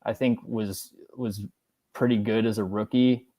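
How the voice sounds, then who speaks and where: A man on a podcast as a guest analyst, breaking down football plays in a casual, halting way full of fillers and restarts. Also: lowish voice, steady tone, warm tone, dry recording.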